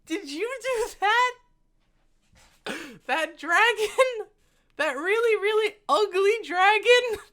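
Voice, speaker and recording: A small, shy street girl, around seven, asking wide-eyed questions in a voice pitched far above the man who puts her on. Her voice leaps and dips with wonder. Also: expressive, takes it slowly, sharp tone, exaggerated voice. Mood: awed. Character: awed, shy little girl of about seven.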